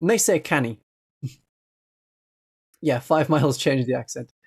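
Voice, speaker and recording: A streamer from northeast England with a Northeast English accent, chatting casually on a livestream in a gentle voice and laughing often. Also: medium pitch, measured pace, husky.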